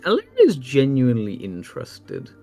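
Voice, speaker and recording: A man's voice: medium pitch, wildly swooping pitch, normal speed, vocal fry, dark tone, soft background music. A man playing a tabletop game, narrating his character in a casual, laughing way and swearing freely. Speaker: player.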